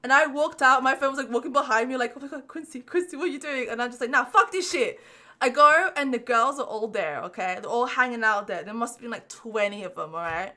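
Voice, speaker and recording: A young woman, a podcast host, casually telling a story with lots of swearing and animated retellings. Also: a little high, a little fast.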